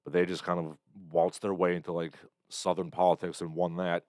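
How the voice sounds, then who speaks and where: A man's voice: deep voice, level tone, fairly quick, darkish tone, no room sound, clean studio sound. A man in his thirties hosting a casual livestream, talking bluntly in a rambling way with many fillers and reading out chat comments. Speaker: livestream host.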